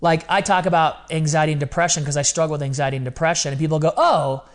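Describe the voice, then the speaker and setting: Racing along in a slightly high voice with fairly even intonation, this man is a podcast guest in a candid interview. He shares stories earnestly and openly, in a confessional tone, frequently quoting things he once said.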